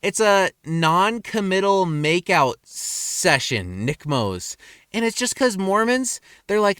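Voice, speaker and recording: A young man rambling in a casual rant, crude and self-mocking, his pitch jumping up and down. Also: very animated, unhurried, fairly bright tone, dry recording, clean studio sound. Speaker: vlogger. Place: car in a parking lot at night.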